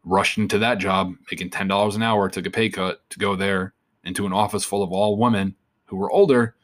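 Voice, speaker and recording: A man with a somewhat low voice tells a story from his own life as an interview guest. He talks casually and rambles, swearing freely. He turns animated as the story builds.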